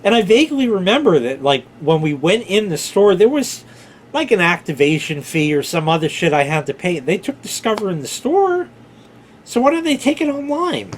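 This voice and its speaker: A man's voice: sits high, very animated, moderate pace, a little hiss or hum. A man casually telling a rambling personal story, informal, with filler words and the odd swear. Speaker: vlogger.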